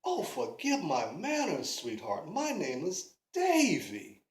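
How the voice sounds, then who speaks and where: A woman voicing a brash, flirty, hot-tempered man who sweet-talks and then yells, recorded in a roomy space. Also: medium pitch, wildly swooping pitch, slow, voice pushed down, exaggerated voice. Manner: smooth-talking, then yelling. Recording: roomy echo.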